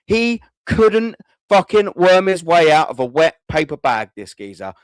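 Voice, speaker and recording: A man's voice: high-pitched, very animated, moderate pace, smooth, no echo. A man, hosting a fan call-in show and ranting furiously, swearing and repeating himself. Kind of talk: angry fan rant.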